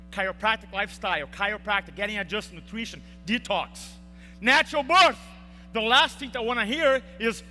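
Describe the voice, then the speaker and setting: In a large, reverberant hall with a faint hum, a young man delivers a motivational speech. His high-pitched voice is pushed and bright as he tells an emotional story and acts out the quotes.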